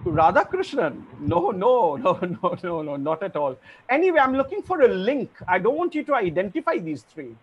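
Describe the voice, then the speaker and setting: A man's voice: high voice, sing-song, normal speed, lo-fi sound, a little hiss or hum. A man hosting an online family quiz over a video call, formal and polite, calling players sir. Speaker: quizmaster.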